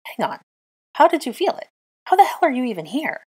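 A woman's voice: fairly low pitch, animated, a little fast, breathy edge. A woman voicing a lazy, haughty young wizard who scoffs and needles. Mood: scornful. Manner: scoffing, drawling, biting.

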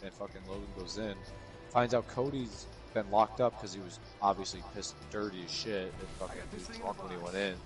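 A man's voice: low voice, fairly quick, music in the background. Young man telling swearing stories. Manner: swearing, animated storyteller. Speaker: streamer. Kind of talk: casual chat while gaming. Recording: game noise behind. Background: video game sounds.

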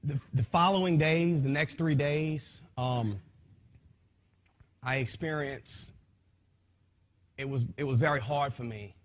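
A man giving an impassioned spoken testimony to a gathering in a folksy, rambling way, his voice swinging from soft to loud. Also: medium pitch, takes it slowly, pauses often. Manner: folksy, rambling, with frequent restarts.

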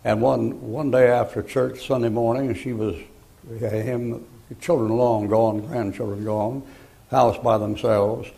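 An older man preaching a sermon, telling folksy stories between loud bursts of preaching. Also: mid-range voice, level tone, takes it slowly, creaky.

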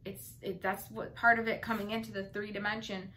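A woman's voice: mid-range voice, flat delivery, fairly quick, pushed and bright, slight background noise. A woman giving a casual tarot reading, chatty and bubbly, rambling with fillers and playful asides. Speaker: tarot reader.

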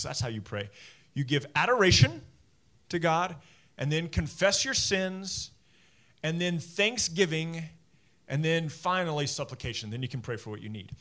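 A man's voice: fairly high pitch, normal speed. Man in his forties preaching animatedly. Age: 40s. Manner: conversational, animated preaching with asides. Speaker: pastor. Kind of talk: sermon.

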